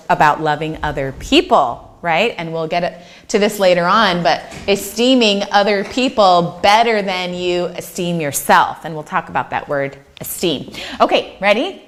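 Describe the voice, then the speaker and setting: A woman teaching a children's church class, upbeat and encouraging, often checking in with the kids and leading them in sung scripture. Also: on the low side.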